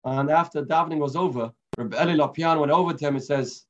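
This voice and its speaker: A man giving a daily religious lesson as a rabbi, telling stories in an earnest, unhurried way. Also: fairly high pitch. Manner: earnest, unhurried storytelling teacher. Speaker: rabbi teaching a daily class. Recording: muffled lo-fi recording.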